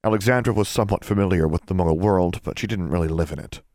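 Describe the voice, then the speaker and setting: This is scripted narration from a deep-voiced man reading an audiobook at a steady, measured pace. The recording is dry and the studio sound clean.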